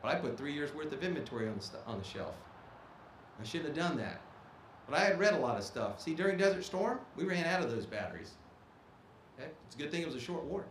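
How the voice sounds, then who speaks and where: A guest speaker at a ceremony, this Army officer in his fifties has a fairly high, very animated voice and talks quickly, with slight background noise. The auditorium is echoey. Plain-spoken and emphatic, he keeps tagging his points with "okay?" to engage the crowd.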